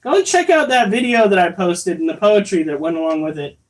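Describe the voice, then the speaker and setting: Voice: mid-range voice, lively intonation, fairly quick. A livestreamer chatting casually while reading chat, swearing a lot and sounding incredulous. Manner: profane, incredulous, rambling.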